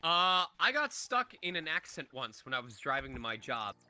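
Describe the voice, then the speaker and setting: A man's voice: mid-range voice, sing-song, moderate pace, bright, forceful tone, no echo. A man in his thirties, a voice actor, answering fan questions at a convention in a chatty way, laughing often. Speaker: voice actor guest.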